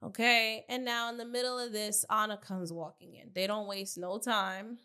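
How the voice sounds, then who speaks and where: A woman co-hosting a podcast, recapping a reality show in slangy, animated casual chat. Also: medium pitch, moderate pace, clear, resonant tone. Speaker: podcast co-host.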